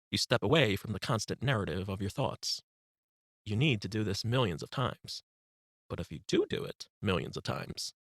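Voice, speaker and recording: A man narrating a self-help audiobook as a meditation guide, giving calm, instructive breathing cues close to the mic. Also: medium pitch, no echo.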